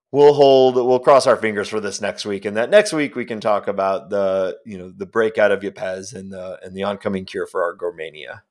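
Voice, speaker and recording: A man co-hosting a sports podcast in casual chat, talking hesitantly with many fillers. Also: lowish voice. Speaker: podcast co-host.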